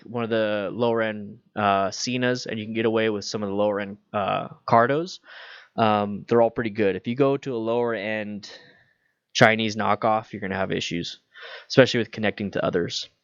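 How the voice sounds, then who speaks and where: Male host, relaxed rambling Q&A delivery, lo-fi dry mic. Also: fairly low pitch, normal speed, clean tone, no room sound. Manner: chatty, loose, reads viewer questions aloud. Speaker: motorcycle channel host. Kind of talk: casual livestream Q&A.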